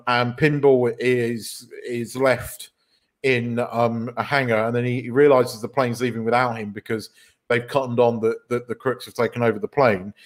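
A man co-hosting a podcast, chatting casually about films in a rambling, giggly way with many restarts. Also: mid-range voice. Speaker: podcast co-host. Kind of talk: casual film chat.

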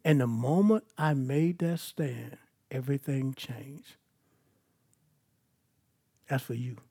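A man's voice: mid-range voice, slow pace, warm tone, slightly rough. A man preaching a sermon at an evening church service, moving between scripture and personal stories in an emphatic, conversational way.

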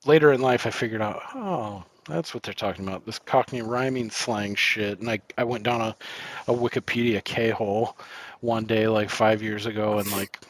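A man's voice: fairly low pitch, fairly even intonation, moderate pace, husky, dry recording. Rambling, swearing podcast guy. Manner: rambling, profane, lots of fillers. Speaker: podcast co-host. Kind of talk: casual film podcast chat.

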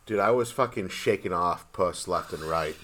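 A man's voice: low voice, normal speed, sharp tone. A man co-hosting a casual podcast, swearing freely and joking crudely with his friend. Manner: crude, swears a lot, playful. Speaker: podcast co-host.

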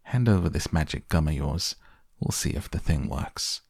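A man voicing a brash, gum-chewing young girl who talks loudly and pushily. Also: rumbling low, moderate pace, gravelly, no room sound, studio quality, exaggerated voice. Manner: loud, pushy and excited.

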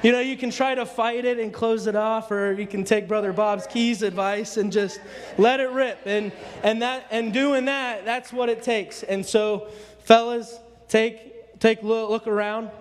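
A man's voice: high-pitched, steady tone, moderate pace, in a large hall. A man giving an earnest, rambling church testimony to the congregation, often restarting his sentences. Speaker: church speaker. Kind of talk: informal sermon testimony.

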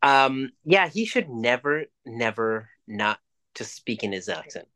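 Male podcast co-host, mid-pitched voice, foul-mouthed rapid rants. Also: big pitch swings, pushed and bright. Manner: swears freely, rants in quick bursts. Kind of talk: casual chat.

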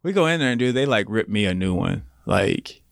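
Low-voiced man telling his story casually. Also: a little fast, gravelly. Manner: relaxed, leans on fillers like "like" and "you know". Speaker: podcast guest.

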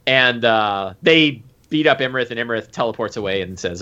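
A man who runs a tabletop game, recapping a session in casual, animated chat with lots of fillers. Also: medium pitch, a little fast. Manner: animated, full of fillers and acted quotes. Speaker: game master. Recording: dull lo-fi recording.

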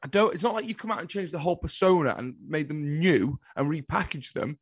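A man co-hosting a casual wrestling podcast, ranting with exasperation and jumping into high, incredulous outbursts. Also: brisk, husky, dry recording, studio quality. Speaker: podcast co-host.

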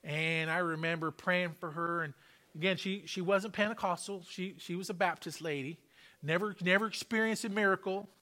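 High-voiced bright male pastor preaching. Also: moderate pace. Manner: testimony storytelling, repetitive emphatic exhortation. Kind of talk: sermon. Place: church sanctuary.

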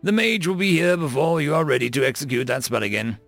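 A courteous winged servant, a touch high and gravelly, voiced by a male narrator. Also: expressive, quick pace, a bit bright, dry recording, faint music behind, full character voice. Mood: deferential. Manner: deferential, addresses others as sir. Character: dutiful winged male familiar, polite and cautious.

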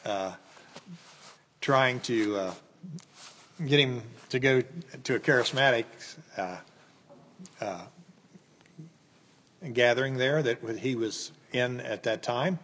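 An older American man, an interview guest, tells personal stories in a folksy, rambling style full of fillers and restarts. His mid-range, slightly bright voice moves slowly with frequent pauses. The room is echoey, with long reverb.

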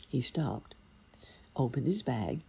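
Husky low-voiced woman reading a storybook. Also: slow pace. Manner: expressive, lively reading. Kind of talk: storybook narration.

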